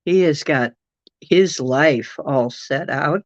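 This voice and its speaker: A livestream host chatting casually and at length, reading viewers' messages aloud and cooing softly at pets. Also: mid-range voice, slow, no room sound, lo-fi sound. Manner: rambling, chatty, reads chat aloud.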